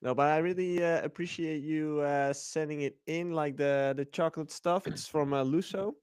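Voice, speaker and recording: A man's voice: fairly high pitch, fairly even intonation, moderate pace, a little mellow, smooth, no room sound, clean studio sound. A man co-hosting a livestream, chatting playfully and rambling with fillers. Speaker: livestream co-host. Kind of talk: casual livestream banter.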